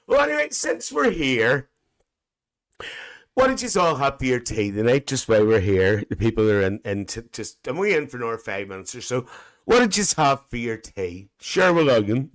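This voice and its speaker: Man doing a gossipy older aunty, camp chatter, cackling laughs, shrill squeals, live-stream chat in character. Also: sing-song, moderate pace. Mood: chatty gossip. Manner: bursts into shrill high exclamations.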